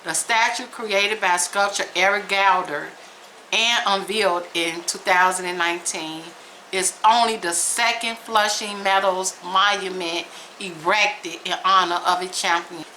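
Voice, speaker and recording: A woman vlogger, reading aloud slowly and reacting with emphatic exclamations. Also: medium pitch, steady tone, pushed and bright, a little hiss or hum, rough recording. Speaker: vlog host reading aloud.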